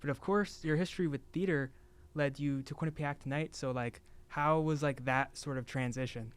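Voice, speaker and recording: A young adult man hosting a casual podcast interview, relaxed and encouraging toward his guest. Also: fairly high pitch, normal speed, clear, resonant tone. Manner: relaxed, encouraging, with frequent murmured agreement. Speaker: podcast host.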